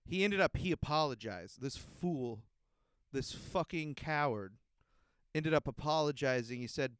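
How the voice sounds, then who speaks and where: A man's voice: fairly high pitch, expressive, measured pace, fairly bright tone, smooth, no echo, studio quality. A man hosting a podcast, ranting in a profane, heated and exasperated way. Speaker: podcast host. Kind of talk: casual ranting monologue.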